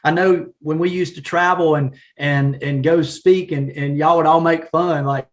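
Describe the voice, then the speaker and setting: A man with a Southern accent from South Carolina, talking in a folksy, animated way with frequent laughs in a casual live-stream chat. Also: a little high, normal speed. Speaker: guest, real estate agent.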